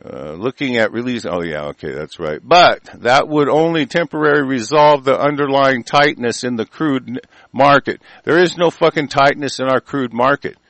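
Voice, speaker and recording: A man giving angry, profane ranting commentary in reaction to the news, with shouted bursts and many halting fillers. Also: medium pitch, no room sound, rough recording.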